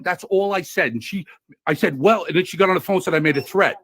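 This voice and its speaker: A man filming a heated argument at a post office, talking loud and combative, repeating himself and talking over others. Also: high-pitched, fast, slightly rough. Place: indoors at a post office counter.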